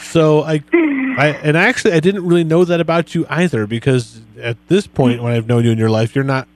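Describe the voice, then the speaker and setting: A man hosting a podcast interview, talking in a relaxed, friendly way as he asks his guest questions. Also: a little high, fairly quick. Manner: relaxed, friendly, reads quotes back to the guest. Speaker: podcast host. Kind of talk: conversational interview.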